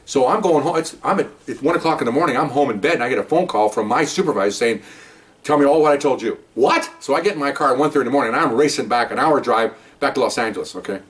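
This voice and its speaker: Older ex-detective, fast and heated storyteller, slightly distant mic. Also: male voice, mid-range voice. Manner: heated, animated, acts out quoted lines. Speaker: retired narcotics detective. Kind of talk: personal storytelling.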